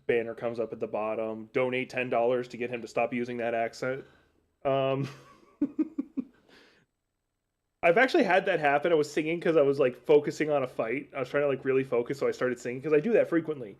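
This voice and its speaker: A man's voice: medium pitch, a little fast. Rambling, joking man on a livestream. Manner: rambling and self-deprecating; jokey asides. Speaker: streamer. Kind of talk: casual livestream chat. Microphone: desk mic at computer setup.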